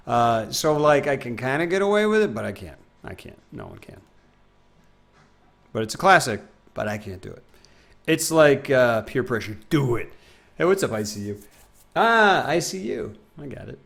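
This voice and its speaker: A man's voice: medium pitch, big pitch swings, a little slow, gravelly, fairly bright tone. A young man streaming a game live, chatting casually with his viewers and rambling, self-mocking, often trailing off into mumbles.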